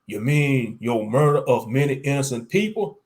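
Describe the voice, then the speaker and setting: A man voicing a hot-tempered young male interrogator who snaps sharp insults in a raised voice. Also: medium pitch, animated, normal speed, natural voice.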